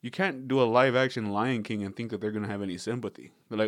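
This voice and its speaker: A man's voice: on the low side, steady tone, fast talker, no echo, clean studio sound. A young man hosting a podcast, rambling casually with jokes and swearing. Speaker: podcast host. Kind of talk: casual comedic podcast chat.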